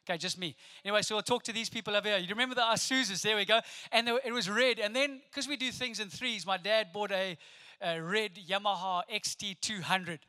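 A man's voice: high-pitched, brisk, pushed and bright, clean tone. A middle-aged man from South Africa with a South African accent, preaching a sermon with humorous stories and playful asides to the congregation. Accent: South African English. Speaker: pastor.

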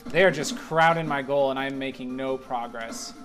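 A man's voice: mid-range voice, normal speed, over music. A man giving casual, rambling commentary while playing a video game, mocking his own mistakes and breaking into sudden exclamations. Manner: rambling, self-deprecating play-by-play with sudden exclamations. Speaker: let's play gamer.

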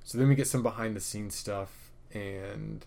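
A man casually recapping a TV episode, opinionated and profane, rambling with restarts and swinging between loud rants and muttered asides. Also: on the low side, fairly even intonation, measured pace, creaky. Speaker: podcast host reviewing a TV episode.

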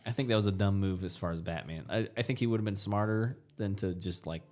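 A man's voice: low-pitched, fast talker, darkish tone, faint music behind. A man co-hosting a casual movie podcast, opinionated and often acting out characters' lines in mocking voices. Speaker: podcast co-host. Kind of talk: casual chat.

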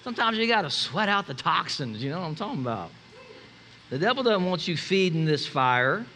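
A man with a high, bright voice preaches to his congregation. He talks in an animated way, breaks into asides and acts out little quotes. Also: a little fast, slight background noise. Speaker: pastor. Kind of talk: sermon.

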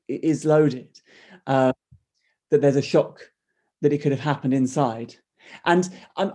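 A man's voice: mid-range voice, a little mellow, husky. A man co-hosting a casual discussion of a play, thinking aloud and often restarting his sentences. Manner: thoughtful, with frequent restarts. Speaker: podcast co-host discussing a play. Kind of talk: casual analytical chat.

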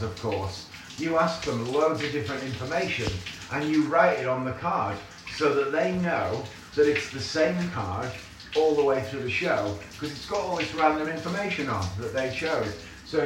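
A man hosting a podcast, telling a story in a chatty, animated way with casual fillers. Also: mid-range voice, background noise. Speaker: podcast host. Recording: echoey room.

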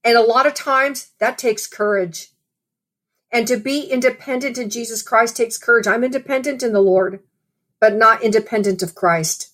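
A woman's voice: on the high side, normal speed, fairly bright tone. A woman preaching a sermon in a conversational, storytelling way, often saying "you know".

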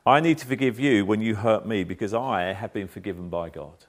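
A man's voice: on the low side, brisk. A man preaching a sermon, acting out quotes and asking the listeners questions. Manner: animated preaching with acted quotes. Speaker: pastor.

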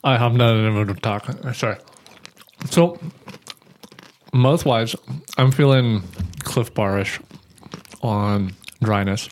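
A man's voice: fairly low pitch, slow, long pauses, a little hiss or hum. A man co-hosting a podcast in casual chat, describing things in a plain, matter-of-fact, detailed way. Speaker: podcast co-host.

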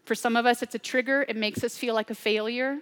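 A woman preaching a sermon, swinging between loud, urgent declarations and hushed, near-whispered asides. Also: a little high, fairly even intonation, quick pace, clean tone, big-room sound.

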